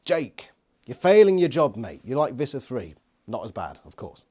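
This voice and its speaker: A man's voice: medium pitch, very animated, moderate pace, a little mellow, slightly rough. A man giving an exasperated, sweary, sarcastic book review rant. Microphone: phone nearby.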